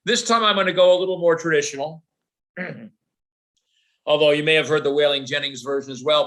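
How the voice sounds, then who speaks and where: A man's voice: fairly high pitch, sharp tone. A man hosting an online open folk sing over a video call, making chatty announcements with fillers and singing a sea shanty in full voice.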